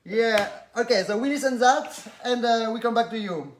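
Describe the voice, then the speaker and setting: High-voiced man hosting. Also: moderate pace, very noisy. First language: French. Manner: chatty, greets viewers by name. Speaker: host. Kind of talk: live-stream interview.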